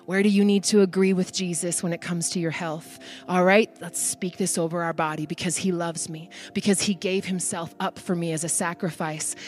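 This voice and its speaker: A woman pastor in her thirties giving an animated sermon, emphatic and excited. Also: medium pitch.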